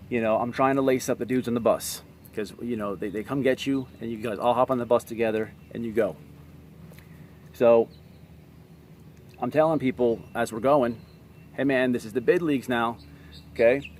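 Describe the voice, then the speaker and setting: A man's voice: mid-range voice, darkish tone, a little hiss or hum. A man vlogging to camera, telling stories from his own life in a blunt, streetwise, profane way. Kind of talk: casual storytelling to camera.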